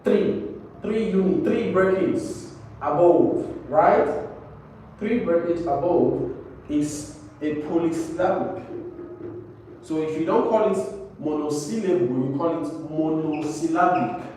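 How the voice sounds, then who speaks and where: A man's voice: a little high, takes it slowly, dark tone. A man teaching an English class, repeating words and often checking with "right?". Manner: repetitive, checks understanding with "right?". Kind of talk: classroom lesson. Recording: very echoey room, mic far off, faint noise.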